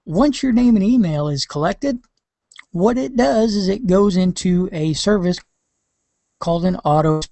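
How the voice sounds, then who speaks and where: A man's voice: high-pitched, darkish tone, dry recording. A man presenting a webinar lesson, explaining things in a loose, conversational way with many hesitations.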